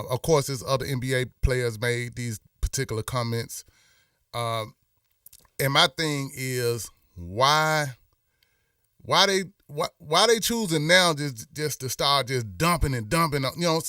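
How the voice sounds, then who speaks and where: Dude going off on a live stream, bright voice, kinda far from the mic, dry sound. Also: male voice, medium pitch, clean tone, no room sound. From Memphis. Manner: rambling and impassioned, many restarts and fillers. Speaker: host. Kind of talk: casual live-stream talk.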